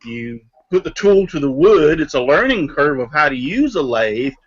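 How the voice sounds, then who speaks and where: A man's voice: a little high, big pitch swings, moderate pace, lo-fi sound. A man, co-hosting a live online hangout, explaining things with comparisons between hesitant fillers. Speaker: co-host.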